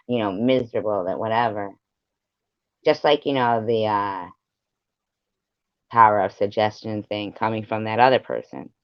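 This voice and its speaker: A man's voice: fairly low pitch, clear, resonant tone, no room sound. A man live streaming, ranting at his viewers in a profane, rambling and confrontational way. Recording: dull lo-fi live stream audio.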